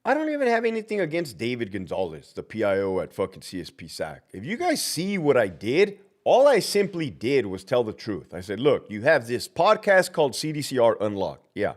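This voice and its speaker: A man's voice: medium pitch, wildly swooping pitch, a little fast, hardly any pauses. A man who works as a prison officer, chatting on a live stream and answering viewers bluntly with constant swearing. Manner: talks back to viewers' comments. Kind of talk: casual live-stream chat.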